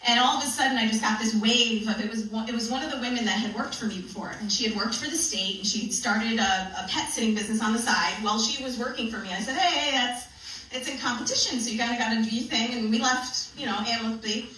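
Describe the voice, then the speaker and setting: A spiritual comedian and speaker tells a comedic story live at a benefit event, playful and animated, laughing as she goes. Her bright, forceful voice is a little high and fast, picked up by a distant mic in an echoey hall with faint noise.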